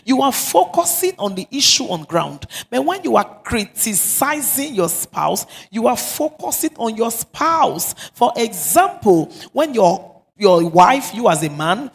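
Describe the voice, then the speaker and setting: Gravelly Nigerian woman pastor preaching. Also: on the high side. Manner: emphatic, repeats phrases for stress. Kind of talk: sermon on marriage. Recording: long reverb of a church hall.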